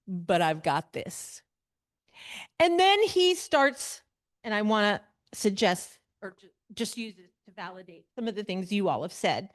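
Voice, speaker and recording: Slow-talking woman teaching a literature class. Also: high voice, no echo, clean studio sound. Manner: animated, questions the class and reads passages aloud; mocks long-winded speech with playful asides. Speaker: adult Sunday class teacher. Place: church classroom.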